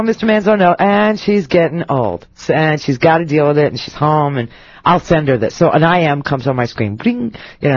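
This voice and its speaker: A woman's voice: on the low side, breathy edge, dry recording, dull audio. A middle-aged woman hosting a radio talk show, rambling casually with lots of fillers and self-mocking asides. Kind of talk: casual on-air monologue.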